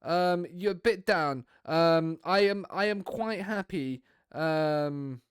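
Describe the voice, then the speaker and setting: A young man talks through his game to viewers in a loose, rambling stream chat. His voice sits high and sounds smooth and clear. The sound is dry and close, with no room in it. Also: takes it slowly, no room sound. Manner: rambling, chatty, talks to viewers while playing.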